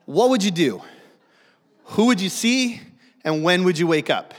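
In a church sanctuary with long, ringing reverb, a guest pastor with a fairly high voice gives a funny sermon at a measured pace with lively intonation. He pokes fun at himself and frequently stumbles into restarts while addressing the congregation.

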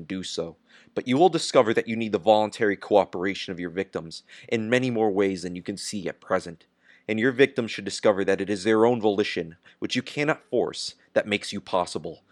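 A man reading the part of a defiant industrialist on trial, speaking gravely and firmly. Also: on the low side, dry recording, studio quality, close to an everyday voice. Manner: grave, measured and firm. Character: defiant steel industrialist on trial, calm and unyielding. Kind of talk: audiobook character reading.

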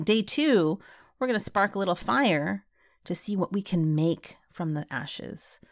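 A middle-aged woman hosting a podcast, talking casually and getting animated and worked up as she goes. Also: low voice. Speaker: podcast host.

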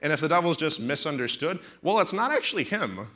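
A man's voice: on the high side, very animated, fast talker, pushed and bright. A man in his thirties, a pastor preaching in a talk-show setting, telling stories animatedly and with indignant emphasis.

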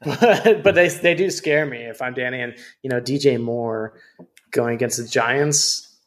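A man's voice: mid-range voice, unhurried. Joking man co-hosting a sports chat. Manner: joking, teasing. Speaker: podcast co-host.

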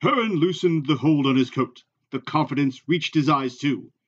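Guy reading a book out loud, measured, slightly high voice, bit muffled lo-fi. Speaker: reader. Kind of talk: reading a novel aloud.

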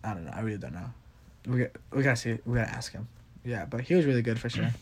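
A man's voice: medium pitch, expressive, racing, husky. A young man co-hosting a casual podcast, bickering with his brother, laughing often and repeating himself. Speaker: podcast co-host. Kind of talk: casual chat.

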